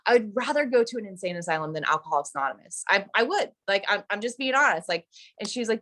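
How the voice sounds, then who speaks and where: A woman's voice: lowish voice, brisk, fairly bright tone. A young adult woman telling her own story of addiction and recovery, candid and confessional, often acting out what people said to her. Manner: candid, confessional, fillers and restarts, quoted voices. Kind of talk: personal storytelling.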